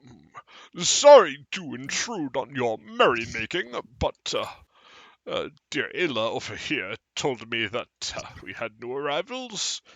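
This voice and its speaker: A man's voice: medium pitch, sing-song, unhurried, a bit bright, no room sound, heavily acted. A man voicing an ancient male elf sage who speaks in a polite, rambling, old-fashioned way. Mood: genial.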